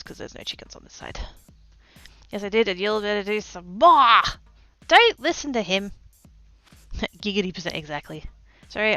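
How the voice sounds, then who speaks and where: A woman chatting casually with her viewers on a livestream from home, playful and silly, breaking into sudden high squeals as she reads and answers chat. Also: bright, forceful tone.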